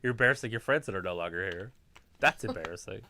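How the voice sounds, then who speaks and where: A woman's voice: very deep voice, lively intonation, quick pace, pushed and bright, a little hiss or hum. A woman co-hosting a casual live stream, calling out what happens on screen, teasing and laughing along. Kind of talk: casual chat and play-by-play reactions.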